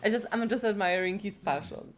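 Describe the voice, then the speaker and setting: A woman's voice: mid-range voice, fairly quick. A woman streamer giving casual reaction commentary, emphatic and laughing often.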